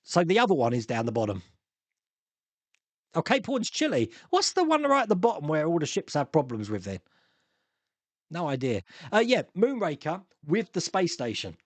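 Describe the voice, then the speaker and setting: A man's voice: fairly high pitch, wildly swooping pitch, moderate pace, dry recording. A man from Australia hosting a live stream, chatting casually and rambling through viewer comments with restarts and frequent chuckles.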